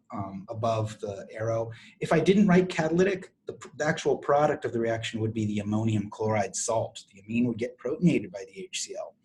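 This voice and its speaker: A middle-aged man lecturing on chemistry to a university class. He explains step by step, restarting phrases and clearing his throat often. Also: mid-range voice, darkish tone, slight background noise. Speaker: chemistry professor.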